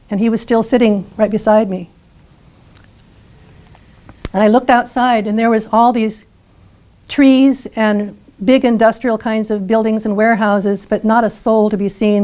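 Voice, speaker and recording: A woman's voice: medium pitch, steady tone, normal speed, darkish tone. A woman speaker retelling a personal story to an audience, vivid and dramatic. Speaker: featured speaker.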